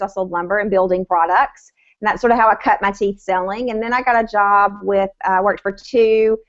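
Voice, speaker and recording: A woman's voice: medium pitch, lo-fi sound. A woman with a Southern American accent, a sales coach telling her story in a video interview. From Southern United States.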